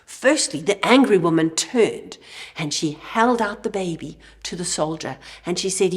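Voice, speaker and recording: A woman's voice: fairly low pitch, animated, measured pace. A woman teaching children at church, telling a Bible story expressively and dropping to a whisper for emphasis.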